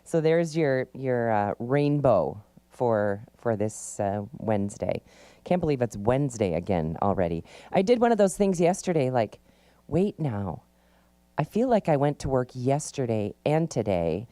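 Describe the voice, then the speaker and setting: A woman's voice: very deep voice, sing-song, unhurried, dry recording. A woman co-hosting a morning radio talk show, chatting casually with many ums and restarts. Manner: warm-hearted chatter, lots of ums and restarts. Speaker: radio co-host. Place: radio studio.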